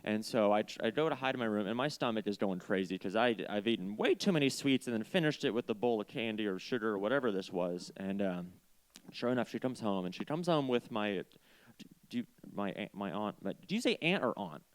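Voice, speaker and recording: Young male stand-up, digressive and self-mocking, lively swooping delivery, smooth clear tone. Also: lowish voice, brisk. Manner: rambling, self-deprecating, digressive. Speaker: stand-up comedian. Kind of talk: stand-up storytelling. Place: small community stage.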